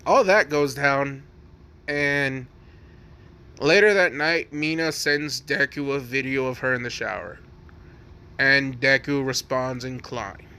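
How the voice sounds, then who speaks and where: A man's voice: medium pitch, pushed and bright. A man casually telling an improvised fan story, rambling and profane, full of likes and restarts.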